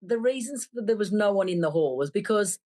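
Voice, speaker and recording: Lively woman telling a story. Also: medium pitch, brisk. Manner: lively, acts out quoted voices. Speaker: brass band member. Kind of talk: animated storytelling.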